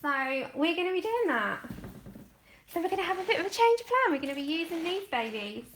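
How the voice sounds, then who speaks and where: A woman hosting a casual colouring livestream, gushing and excitable, laughing often and trailing off mid-sentence, heard from a camera set back from her desk. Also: extremely high pitch, brisk, a little hiss or hum. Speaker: colouring channel host. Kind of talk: casual livestream chat while unboxing.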